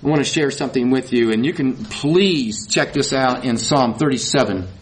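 A man preaching a sermon in a folksy, animated way, rising to high emphatic peaks. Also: moderate pace. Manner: folksy, says y'all.

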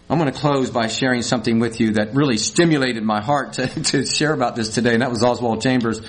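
A man preaching a sermon in a folksy, animated way, rising to high emphatic peaks. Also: quick pace, few pauses. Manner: folksy, says y'all.

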